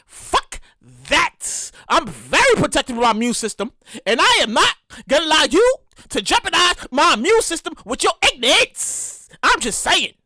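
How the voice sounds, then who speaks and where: A woman's voice: high-pitched, fairly quick, dry recording, clean studio sound. A woman hosting her own podcast in a casual, profane, ranting monologue. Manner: animated, profane, ranting storyteller. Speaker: podcast host.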